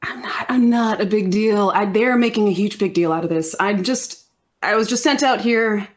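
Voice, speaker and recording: A woman with an ordinary mid-pitched voice plays her character in a tabletop role-play. She answers in a hesitant, evasive way, restarting and trailing off her sentences. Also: normal speed. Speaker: player.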